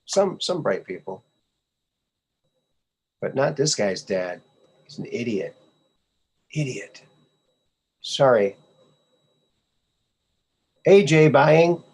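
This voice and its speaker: A man's voice: on the low side, very animated, slow, long pauses, darkish tone, husky. A male podcast host giving casual commentary on memes, sarcastic and scoffing, often repeating his phrases.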